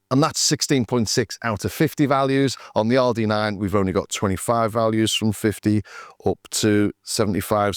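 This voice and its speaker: A man's voice: lowish voice, no echo, studio quality. A man casually demonstrating drum machines, thinking aloud as he works through settings and numbers. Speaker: synth demo host.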